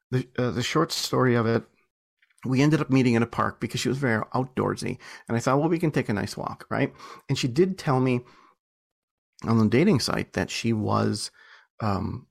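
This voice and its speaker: A man with a gravelly, fry-tinged voice tells stories in an interview. He is chatty and self-deprecating, laughs often, and restarts his sentences as he goes. His pitch sits right in the middle for a man. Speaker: author and entrepreneur guest. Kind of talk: casual storytelling interview.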